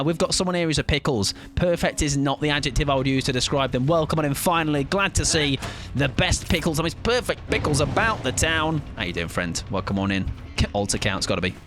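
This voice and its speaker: A man's voice: medium pitch, fairly bright tone. A man streaming a game, chatting casually in a self-mocking, playful way. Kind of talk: casual gaming commentary.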